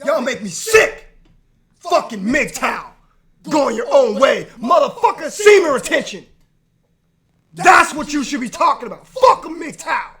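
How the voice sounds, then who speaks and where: A man with a very high voice rants on a live stream from his man cave, cursing and shouting. His voice is hoarse and worn from the yelling. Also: very animated, a little slow. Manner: aggressive profane shouting rant.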